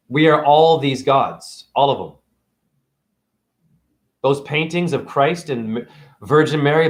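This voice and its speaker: A man vlogging a rambling spiritual monologue, preachy and profane. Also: fairly high pitch. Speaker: spiritual video blogger.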